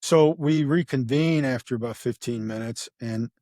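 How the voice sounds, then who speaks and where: A man's voice: mid-range voice, normal speed, warm tone, no echo, studio quality. Rambling middle-aged man telling a story. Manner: rambling, acts out quoted dialogue, many fillers. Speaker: retired homicide detective, guest. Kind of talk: casual true-crime storytelling.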